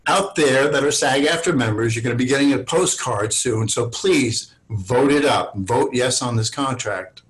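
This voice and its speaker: A sixties-aged actor, guesting on a video call for a casual storytelling interview, recounts showbiz tales with plenty of profanity, loudly acting out what others said. He speaks at normal speed with hardly any pauses in a medium-pitched voice, and the audio is poor.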